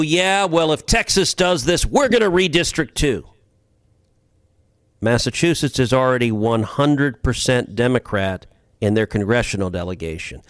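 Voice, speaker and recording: A man delivering political commentary on a podcast in an emphatic, argumentative way, often stumbling into a phrase by repeating a word. His voice sits in a middle pitch range, and the recording is dry and close, with no room sound. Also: clean tone, no echo. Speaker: podcast co-host, senator.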